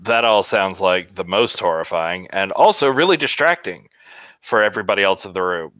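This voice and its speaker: Bright-voiced man on a dull, lo-fi mic. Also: low voice, expressive, no echo. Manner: hesitant, with halting restarts. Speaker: player. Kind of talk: casual in-character chat.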